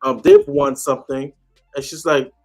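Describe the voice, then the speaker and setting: A man's voice: fairly high pitch, wildly swooping pitch, moderate pace, creaky, a little mellow, faint music behind. A man chatting casually on a call-in show, telling a story animatedly and acting out the people he quotes. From United States.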